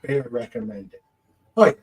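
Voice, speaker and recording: A man's voice: medium pitch, animated, normal speed, darkish tone, rough recording. A man co-hosting a casual podcast chat, reading out listener comments with frequent chuckles and trailing mutters. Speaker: podcast co-host.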